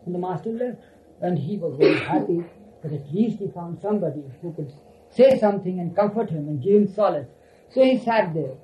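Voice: mid-range voice, expressive, brisk. An earnest speaker telling a spiritual parable, often repeating phrases for emphasis. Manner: repetitive, earnest storytelling. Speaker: storyteller. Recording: dull lo-fi recording with faint hiss.

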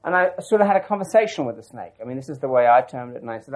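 A man's voice: medium pitch, expressive, very fast, few pauses, darkish tone, rough recording. A man telling a long personal story as an interviewee, reflective and rambling, with frequent restarts and asides. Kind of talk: oral history storytelling.

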